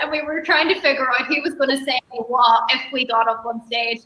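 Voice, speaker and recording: A woman guest telling stories in a relaxed chat, laughing often. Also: high-pitched, brisk, few pauses, roomy sound, poor audio. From Ireland. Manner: chatty storyteller, laughs often. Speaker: guest musician. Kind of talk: casual chat on a live stream.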